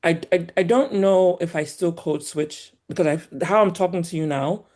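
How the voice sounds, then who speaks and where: A woman with a Nigerian accent softened by years in the US, talking as a guest in an animated, emphatic way and laughing often. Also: fairly low pitch, moderate pace. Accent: Nigerian, polished by years in the US. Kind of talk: casual conversation.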